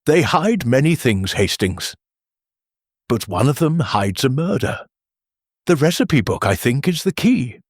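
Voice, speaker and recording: A shrewd, soft-spoken detective voiced by a male narrator presses with quiet, deliberate questions. The voice is husky and unhurried, its pitch rising at the ends of questions. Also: sing-song, dry recording, clean studio sound. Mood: probing.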